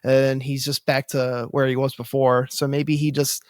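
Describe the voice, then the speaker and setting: A man's voice: mid-range voice, level tone, moderate pace, dry recording, studio quality. A man co-hosting a podcast, rambling casually with lots of fillers and restarts. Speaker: podcast co-host. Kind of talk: casual chat.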